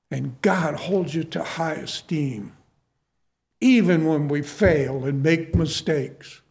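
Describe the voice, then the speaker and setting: A man's voice: fairly high pitch, gravelly, a little mellow. A male pastor preaching a sermon to his congregation in a folksy manner, repeating key phrases for emphasis.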